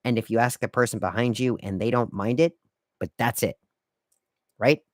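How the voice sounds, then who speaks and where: A man's voice: mid-range voice, normal speed, no echo, clean studio sound. A man hosting a casual solo podcast, laying out etiquette rules in a wry, lecturing way. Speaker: podcast host.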